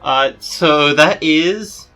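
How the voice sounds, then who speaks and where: Guy at the table, bright tense voice, lots of uh. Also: a little high, very slow, faint music behind. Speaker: player. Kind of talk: tabletop game chat.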